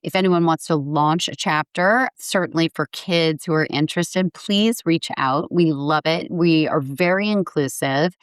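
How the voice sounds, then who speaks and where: Woman in her forties, podcast guest, upbeat and earnest, lowish voice, dry close sound. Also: measured pace, few pauses, clear, resonant tone, no room sound. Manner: upbeat, earnest, acts out quotes brightly. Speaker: guest, foundation founder. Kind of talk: podcast interview.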